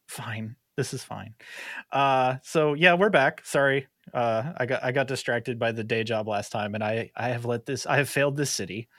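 A man's voice: mid-range voice, moderate pace, few pauses, fairly bright tone, dry recording, studio quality. A man from Canada hosting a podcast in casual chat, playful and self-deprecating, laughing often. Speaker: podcast host.

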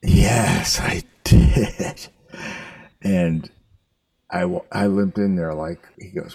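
An older man telling a story in casual chat, halting and rambling, with some swearing. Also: low-pitched, fairly even intonation, creaky, warm tone, dry recording, faint music behind.

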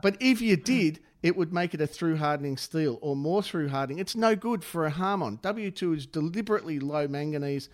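A man's voice: fairly high pitch, fairly quick, few pauses. A man co-hosting a casual podcast, breaking down technical points step by step. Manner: explains technical detail step by step. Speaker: podcast co-host. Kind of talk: casual chat.

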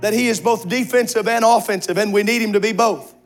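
High-voiced preacher with music behind. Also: male voice, fairly even intonation. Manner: impassioned, rising to shouts with long drawn-out words. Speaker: pastor. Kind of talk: sermon. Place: church sanctuary with congregation.

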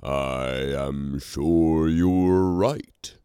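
A man voicing a boastful giant stone-scaled male ruler, slow and drawling, in a storybook reading. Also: a bass voice, warm tone, smooth, no room sound, clean studio sound, heavily acted.

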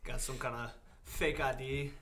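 A man's voice: mid-range voice, fairly even intonation, moderate pace, a crowd in the background. A young man in casual podcast chat, slangy and loose, with faint noise behind him. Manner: slangy, says dude and bro a lot. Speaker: podcast co-host. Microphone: studio mic at a table.

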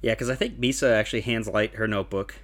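A man casually chatting on a podcast, calmly summarizing plot points with plenty of uhs and likes. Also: on the low side, quick pace. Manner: relaxed, plot-summarizing with lots of fillers. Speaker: podcast co-host. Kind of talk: casual chat recapping an anime.

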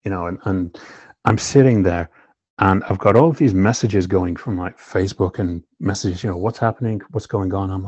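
A man's voice: low-pitched, steady tone, brisk, a little mellow, breathy edge, no room sound. A filmmaker guest telling his own story candidly and emotionally, swearing often and leaning on "you know". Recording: slightly dull lo-fi recording.

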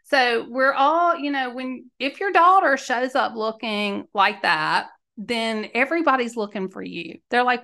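A podcast host tells candid stories in a chatty, emphatic monologue, laughing mid-sentence. Her voice sits a little high, with vocal fry and a sharp tone, and she takes her time.

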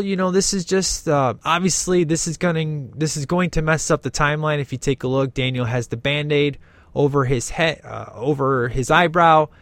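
A man's voice: mid-range voice, no echo. A man giving casual, jokey, enthusiastic commentary while watching a movie.

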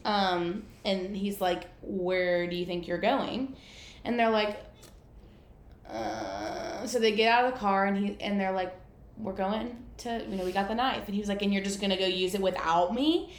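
A woman's voice: medium pitch, steady tone, moderate pace, roomy sound. A woman co-hosting a podcast, casually recounting a scene and quoting the characters. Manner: easygoing storytelling, quoting characters. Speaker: podcast co-host. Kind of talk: casual chat.

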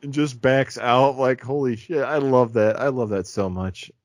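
A man's voice: mid-range voice, unhurried. A man chatting casually and enthusiastically about a film as a podcast co-host, joking as he goes. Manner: enthusiastic, joking, imitates characters.

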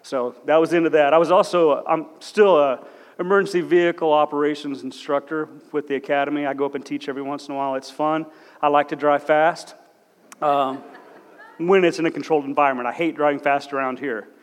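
This man's voice is a little high and brisk, and his intonation stays fairly even. He's a policeman in his forties invited to speak at a church, and he delivers a humorous, self-deprecating talk built on his own experiences, with a blunt, no-nonsense style. Recorded in a big church hall, his words bounce around in long, echoing reverb.

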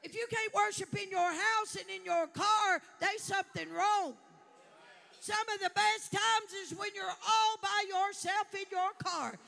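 A woman preacher delivering a fervent sermon to a congregation, building up to shouts. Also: extremely high pitch, steady tone, unhurried, gravelly.

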